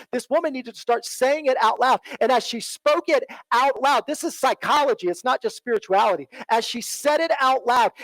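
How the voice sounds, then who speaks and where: A man with a high-pitched voice preaches a sermon in earnest, circling back to the same phrases. He often checks in with "right?" and goes quiet and low for quoted lines. The sound is dry and close. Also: no room sound, rough recording. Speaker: pastor. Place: church.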